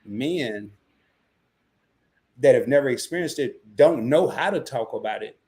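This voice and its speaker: Animated husky man, podcast co-host. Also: normal speed. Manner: animated, jumps into a high excited voice when making a point. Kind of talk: casual podcast talk.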